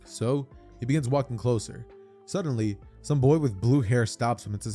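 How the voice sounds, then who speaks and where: A man's voice: mid-range voice, normal speed, warm tone, faint music behind. A man casually retelling a fan-fiction story, chatty and slangy, often restarting his sentences. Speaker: YouTube storyteller.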